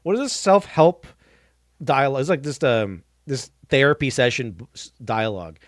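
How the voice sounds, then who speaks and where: A man's voice: mid-range voice, big pitch swings, normal speed, dry recording, clean studio sound. A man giving casual live-stream reaction commentary, blunt and mocking, scoffing at what he watches and restarting sentences as he goes.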